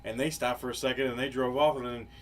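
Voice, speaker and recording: A podcast co-host tells a long, rambling, profane story full of fillers during casual chat on a live podcast with faint background noise. His mid-range voice is steady and quick.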